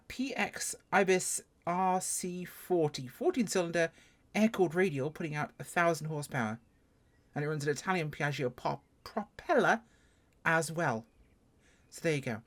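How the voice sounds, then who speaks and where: Chatty English flight sim reviewer. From England. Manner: chatty, self-deprecating, jumps in pitch. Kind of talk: casual first-look game review.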